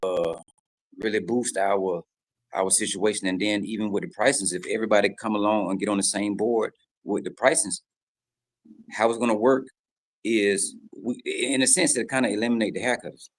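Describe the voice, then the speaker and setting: A low-voiced man, speaking as a barber in a casual discussion. He keeps pressing his point, repeating key phrases for emphasis. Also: fairly even intonation, normal speed, low-quality recording. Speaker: barber guest.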